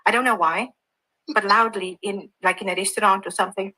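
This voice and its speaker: Bright South African woman. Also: mid-range voice, brisk, rough recording. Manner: animated anecdote teller. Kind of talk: casual live-stream chat.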